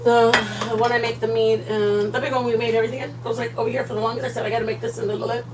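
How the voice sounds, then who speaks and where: A woman hosting a casual cooking livestream from her home kitchen, chatty and playful, greeting viewers by name with loud excited bursts. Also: fairly high pitch, racing, background noise.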